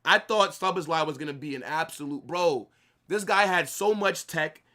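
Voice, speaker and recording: A cocky man hosts a live football watch-along and spars with his viewers through the whole stream, swearing often and calling everyone bro. His voice sits a little high and comes across bright and forceful on a streaming mic. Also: normal speed. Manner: brash, trash-talking, swears a lot, calls chat "bro" and "brother". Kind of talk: live match watch-along, arguing with chat.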